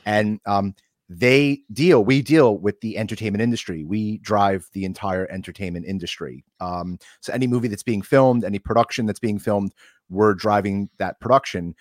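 Animated male podcast host, dry sound. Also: fairly low pitch, normal speed, no echo. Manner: animated storyteller. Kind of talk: casual interview chat.

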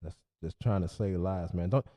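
Male podcast host, loose slangy sign-off, lively and animated. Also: low voice, normal speed, dull audio. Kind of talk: casual sign-off monologue. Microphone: podcast mic.

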